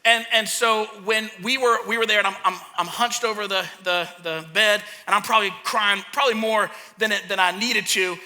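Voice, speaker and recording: A man who is a pastor and a parent, preaching a sermon and acting out a childhood story with lively energy. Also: high voice, normal speed, hardly any pauses. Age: young adult to middle-aged, a parent. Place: church hall. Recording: long hall reverb.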